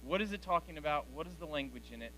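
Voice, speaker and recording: A man's voice: on the high side, animated, fast talker, background noise. A man in his forties giving a direct, conversational youth sermon to teenagers in a church hall. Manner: direct, conversational, addresses teens as guys. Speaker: youth speaker.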